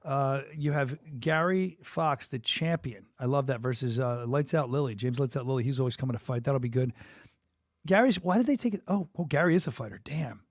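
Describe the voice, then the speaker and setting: A man hosting a sports podcast in a studio, talking quickly and enthusiastically with many restarts. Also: medium pitch, dry recording. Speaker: podcast host. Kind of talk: casual podcast chat.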